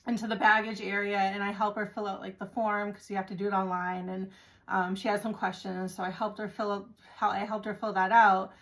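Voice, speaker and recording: A woman's voice: mid-range voice, a bit bright. Chatty woman telling a travel story. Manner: chatty and exasperated, acting out the people in her story. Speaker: vlogger. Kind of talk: casual storytelling to camera.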